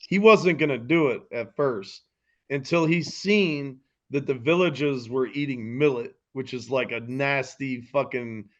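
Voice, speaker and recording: A man co-hosting a casual podcast chat, animated and acting out the scenes he retells. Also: medium pitch, measured pace, dull audio. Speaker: podcast co-host.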